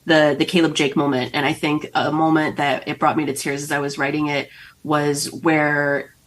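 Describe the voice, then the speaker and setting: Low woman, author guest, loose casual chat, laughs through lines. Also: flat delivery, normal speed. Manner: emotional, laughs often while talking.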